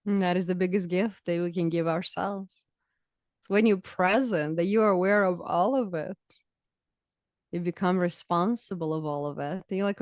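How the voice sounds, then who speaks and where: Expressive woman guest, low dry voice. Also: moderate pace, dry recording. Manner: expressive, emphatic, laughs easily. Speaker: podcast guest, spiritual teacher. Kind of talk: casual podcast conversation.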